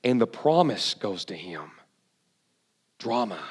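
A man's voice: on the low side, slow pace, slightly rough, long reverb tail. A man preaching a sermon, retelling a story and questioning the audience. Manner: animated, asks the audience questions.

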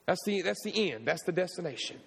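A man's voice: high voice, fairly quick, creaky, husky. A man preaching a sermon as pastor of his church, with rising and falling delivery and questions tossed to the congregation. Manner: animated preaching with call-and-response questions. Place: church sanctuary. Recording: long hall reverb.

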